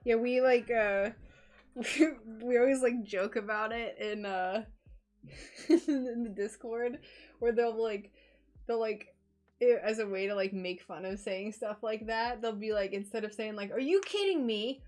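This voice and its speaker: A woman's voice: fairly high pitch, steady tone, a little slow, a little mellow. A woman chatting casually on a stream, giggly and rambling with lots of fillers.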